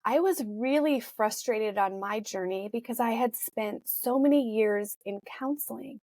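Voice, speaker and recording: Slow-spoken higher-voiced woman host. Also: darkish tone, no echo. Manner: shares her own experience reflectively. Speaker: podcast host. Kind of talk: conversational interview.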